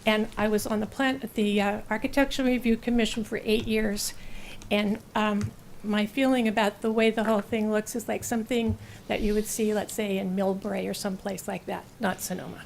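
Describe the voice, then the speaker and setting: Hesitant woman with a gravelly voice. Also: mid-range voice, little pitch movement, normal speed, poor audio. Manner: hesitant, personal, heartfelt. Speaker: public commenter. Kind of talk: public comment at a council meeting. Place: city council chamber. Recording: faint room noise.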